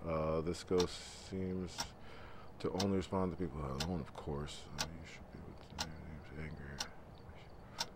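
A man's voice: a bass voice, little pitch movement, unhurried. A man streaming a horror game, talking to himself in a nervous, muttering way and sometimes whispering. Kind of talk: casual live-stream commentary. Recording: noisy stream audio with game ambience.

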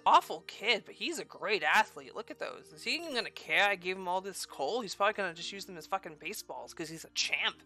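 A woman hosting a let's play, excitable and profane, with loud outbursts. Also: fairly low pitch, quick pace, hardly any pauses, faint music behind. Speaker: gaming video host.

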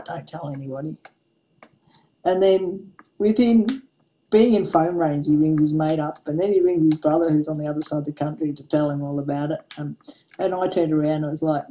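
A woman's voice: low voice, mellow, rough recording. A woman in her forties telling a funny anecdote in a casual craft-vlog chat, laughing often as she goes. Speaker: craft vlogger.

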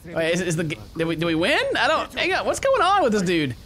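A young man commentating his gameplay, goofy and excitable, talking back to the characters on screen. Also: high voice, fast talker, faint music behind. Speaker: gaming video host. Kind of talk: game commentary.

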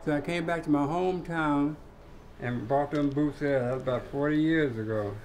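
A man's voice: on the high side, moderate pace, darkish tone, a little hiss or hum. An older man telling his life story in a casual, colloquial interview and acting out the voices of people he quotes. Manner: colloquial, laid-back, acts out quoted voices. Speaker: interviewee, cowboy.

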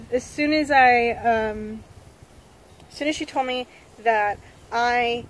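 Breathless woman vlogging in halting bursts. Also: a little high, a little hiss or hum. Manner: halting, searches for words, restarts sentences. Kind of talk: casual vlog talking to camera.

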